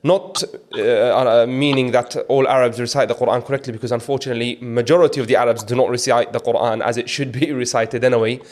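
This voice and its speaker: A man's voice: medium pitch, steady tone, fast talker, hardly any pauses. A man hosting a podcast interview with a caller, often breaking into blessings and restarting his sentences. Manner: warm, repeats religious blessings, hesitant restarts. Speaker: podcast host.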